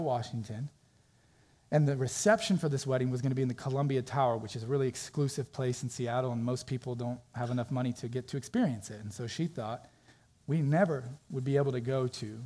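Dark, husky man preaching a sermon. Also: medium pitch. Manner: storytelling with acted-out voices, conversational with fillers.

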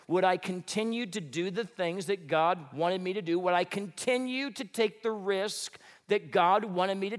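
A male minister preaches in a high voice, talking to the congregation as if in conversation and firing off rhetorical questions. His words carry a long reverb through a big hall. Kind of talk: sermon.

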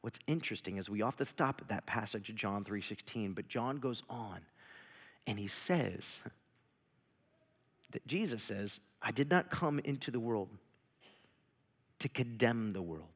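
A man preaching a sermon as a pastor, swinging from shouting to hushed whispers. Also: lowish voice, animated, a little slow, long pauses. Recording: reverberant hall.

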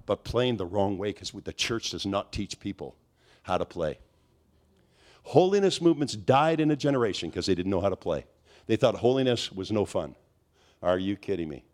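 Preaching a charismatic sermon at normal speed, a man tells stories with animated swings, building up to high, almost shouted peaks.

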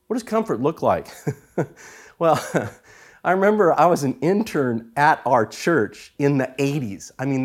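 Lively middle-aged male preacher. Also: a little high. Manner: animated storytelling with humor. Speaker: pastor. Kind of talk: sermon.

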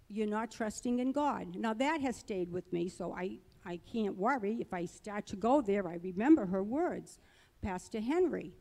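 A woman's voice: medium pitch, expressive, moderate pace, gravelly, warm tone. Earnest woman preaching in a reverberant hall. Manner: earnest, conversational and rambling. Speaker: church speaker. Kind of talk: personal testimony sermon.

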